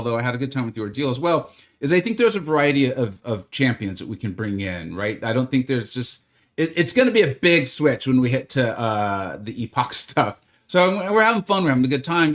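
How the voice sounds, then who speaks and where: A man streaming a game live, chatting casually and greeting viewers by name in a rambling, friendly way. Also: medium pitch. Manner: rambling, with many fillers.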